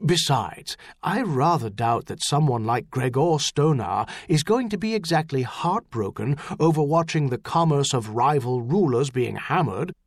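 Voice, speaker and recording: A man's voice: mid-range voice, lively intonation, unhurried, hardly any pauses, no room sound, clean studio sound. A man reading an audiobook, voicing a pious, earnest treasurer who explains things urgently. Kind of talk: audiobook character voice.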